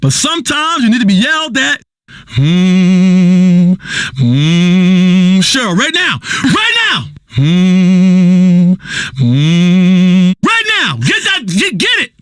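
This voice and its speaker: An actor playing an erratic, preachy self-styled spiritual doctor hosting a game's talk radio show, rambling, humming and suddenly shouting. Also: male voice, very high voice, huge pitch swings, moderate pace, hardly any pauses, dry recording, clean studio sound, exaggerated voice. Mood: manic. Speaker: radio health show host. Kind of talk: comedic talk radio acting.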